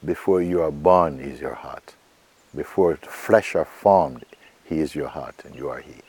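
Deep, dark-voiced man giving a spiritual talk. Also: a little slow, husky, no room sound. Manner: asks questions and answers them himself, repeats phrases softly. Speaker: spiritual teacher.

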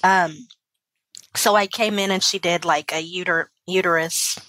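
A woman's voice: on the low side, steady tone, a little slow, sharp tone, no room sound. A woman in her thirties, a kindergarten teacher telling her personal story as an interview guest, candid and emotional, with many fillers and restarts. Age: 30s.

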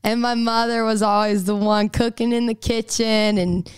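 Bubbly young woman with a smooth voice. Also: a little high, flat delivery, normal speed, no room sound. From Texas. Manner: bubbly, chatty, laughs often, rambling restarts. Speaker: singer-songwriter guest. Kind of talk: casual radio interview chat.

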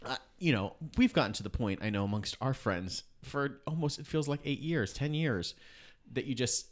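A man's voice: medium pitch, animated, moderate pace. A man chatting casually on a podcast, rambling with lots of "like" and "you know.". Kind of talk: casual chat.

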